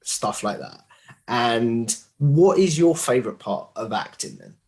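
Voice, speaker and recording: A man's voice: mid-range voice, lively intonation, measured pace, a little mellow. A man from Essex hosting a podcast, asking curious, friendly questions in a casual interview. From Essex, England. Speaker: podcast host.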